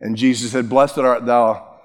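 This pastor's mid-range voice moves at a measured pace as he preaches, recounting Bible stories with humor and a casual tone. He gives the biblical characters lively voices, and the sound carries a long reverb tail.

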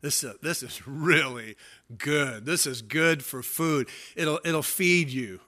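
A man voicing a sly male devil in a sermon, murmuring low and coaxing. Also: slow, pushed and bright. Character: sly hissing devil tempting with food, male. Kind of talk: sermon illustration.

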